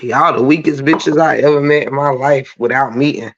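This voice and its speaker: A man, hosting his own channel and roasting critics in a profane, taunting, drawn-out sassy rant. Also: medium pitch, steady tone. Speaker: channel host. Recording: dull lo-fi stream audio.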